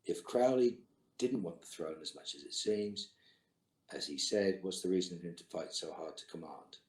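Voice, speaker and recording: With a deep voice at a moderate pace, a middle-aged actor handles a virtual fan Q&A by video call. He reads the fans' questions aloud and gives clipped, dry quips in reply, and the audio carries a roomy echo.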